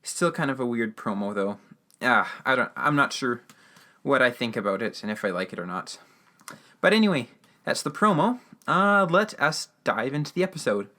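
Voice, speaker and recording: A man's voice: mid-range voice, lively intonation, moderate pace, bright, forceful tone. A man hosting a podcast, giving a casual, rambling recap of a radio drama episode with lots of fillers and restarts. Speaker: podcast host.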